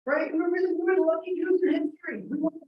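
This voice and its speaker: A middle-aged man, a professor giving a humorous storytelling talk, animated and joking with bursts of emphatic shouting. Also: very high-pitched, rapid-fire, lo-fi sound. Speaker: guest lecturer, professor. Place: large echoing temple hall. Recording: echoey hall from far off.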